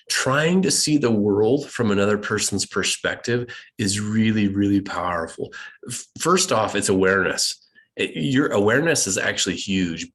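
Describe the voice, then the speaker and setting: A middle-aged American man giving a casual, animated talk to students as a guest speaker. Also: fairly low pitch. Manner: playful, animated storyteller.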